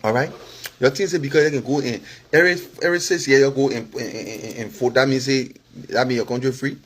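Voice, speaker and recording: A political vlogger and former candidate with a Liberian English accent talks casually and with feeling to his followers, often checking in with "you understand?" and chuckling. His medium-pitched, slightly fast voice is a bit bright, with a little hiss or hum.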